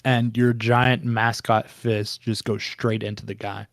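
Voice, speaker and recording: A man's voice: on the low side, flat delivery, unhurried, dry recording, clean studio sound. A man narrating a tabletop game as game master, rambling with many ums and restarts.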